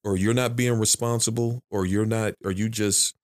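A man's voice: fairly low pitch, fairly even intonation, normal speed. A man who is a father of three, talking frankly and emphatically in a casual podcast conversation, repeating his phrases as he goes.

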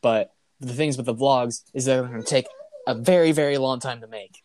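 Casual podcast host, male, average pitch, relaxed delivery that pulls the chat back on topic. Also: brisk. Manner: easygoing, steers the conversation back on topic.

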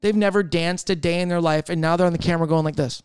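A man hosting a solo podcast, rambling and thinking out loud in casual chat, swearing freely. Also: on the high side, steady tone, quick pace, clear, resonant tone, no echo, studio quality. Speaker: podcast host.

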